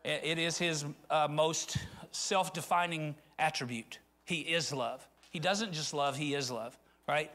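A man's voice: fairly high pitch, a bit bright. A middle-aged man from rural Arkansas, preaching a conversational sermon that rises into fervent appeals. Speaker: pastor.

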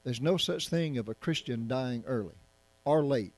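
A man's voice: mid-range voice, normal speed, darkish tone. A male pastor preaching verse by verse, in a conversational style and often putting rhetorical questions to his listeners. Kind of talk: Bible-study sermon.

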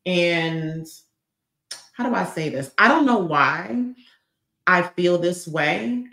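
Woman, live-stream host, motivational talk, slightly low voice, roomy echoey room. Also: takes it slowly, vocal fry. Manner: emphatic, lively and outspoken. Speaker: livestream host. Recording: roomy echo.

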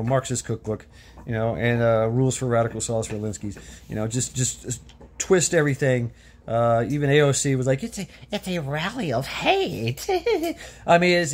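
A man from the United States ranting off the cuff as a vlogger, blunt and profane, with many stammered restarts. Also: mid-range voice. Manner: rambling, full of restarts and stammered repeats. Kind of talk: off-the-cuff political rant.

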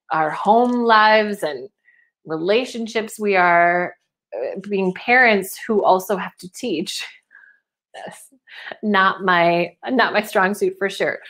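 Woman, speaking coach, live webinar from home, upbeat, chatty, near tears. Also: medium pitch. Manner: warm, upbeat, emotional and chatty. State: teary, close to crying. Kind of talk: live webinar presentation, reading chat messages. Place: her home.

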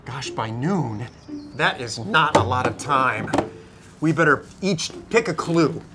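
A man playing a park ranger in a kids' dinosaur adventure video, talking in a playful, excitable way and exclaiming dinosaur names. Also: medium pitch, slow pace, heavy background noise. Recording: music playing behind.

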